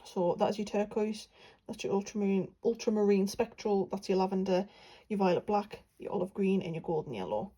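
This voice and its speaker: Chatty young woman with a mellow voice. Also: mid-range voice, a little fast, hardly any pauses, breathy edge, poor audio. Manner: chatty, rambling, many fillers. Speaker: art vlogger. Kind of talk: casual chat while swatching paints.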